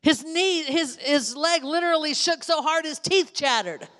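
A woman's voice: high-pitched, normal speed, a bit bright. A woman, the pastor's spouse, preaching a sermon with emphatic repetition. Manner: emphatic, repeats lines for effect. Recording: long hall reverb.

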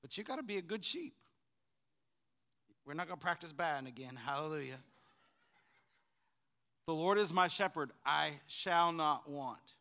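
A male preacher with a high, bright voice delivers a lively sermon. He calls the congregation to answer him back. He swings between fervent, loud passages and hushed, conversational asides. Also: moderate pace, pauses often. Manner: call-and-response preaching, swinging from shouts to quiet asides.

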